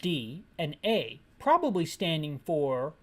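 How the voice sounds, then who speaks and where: A woman's voice: sits low, sing-song, slow pace. A woman narrating a descriptive audio game playthrough with sarcastic, ranting asides. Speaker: game commentator.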